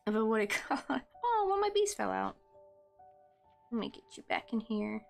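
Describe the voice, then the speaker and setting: A woman's voice: a little high, very animated, normal speed, gravelly, soft background music. A woman in her thirties hosting a crochet livestream, chatting casually in a rambling way with lots of fillers and easy laughs.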